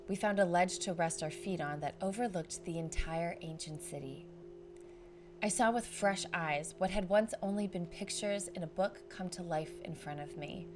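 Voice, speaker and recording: A woman podcast host narrating a travel story in a reflective, vivid scripted style. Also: lowish voice.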